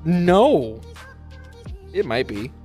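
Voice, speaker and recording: Goofy young guy with hiccups, lively. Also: a little high, extremely slow, soft background music. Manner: goofy, joking, laughs at own bits. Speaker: podcast co-host. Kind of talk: casual chat.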